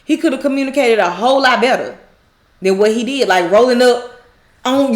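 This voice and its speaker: Animated woman recapping a TV episode. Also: high voice, unhurried, long pauses. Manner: animated retelling, acts out quoted lines, laughs often. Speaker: recap YouTuber. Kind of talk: casual TV recap.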